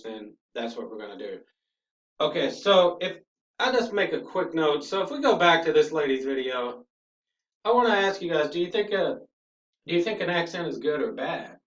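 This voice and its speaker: Teacher's voice, echoey from far off. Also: male voice, mid-range voice, fairly bright tone. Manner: patient, checks in with frequent "okay?". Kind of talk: classroom lesson explanation. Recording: echoey room from a distance, dull sound.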